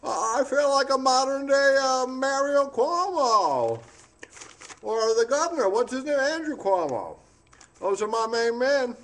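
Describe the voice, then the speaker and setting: A man's voice: very high-pitched, sing-song, a little slow, fairly bright tone, slight background noise, exaggerated voice. A man playing a scatterbrained, boastful old newspaperman in a comic monologue, rambling off topic and stumbling over his words. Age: older. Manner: rambling, digressive, loses his place and stammers. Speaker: comedian doing a tribute impression.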